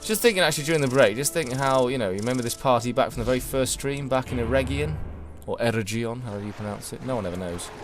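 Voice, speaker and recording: A man talks his way through a game live for his viewers, wry and chatty. He is tired and yawning late at night, and his voice sits at an ordinary middle pitch. Game music plays clearly behind him. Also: fast talker, few pauses. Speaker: game streamer. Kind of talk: live gameplay commentary.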